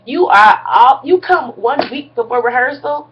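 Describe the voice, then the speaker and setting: A woman's voice: high voice, expressive, unhurried. Chatty woman vlogger, dull lo-fi sound. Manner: chatty, blunt and slangy, with mild cursing. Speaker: TV recap vlogger. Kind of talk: casual reality-show recap.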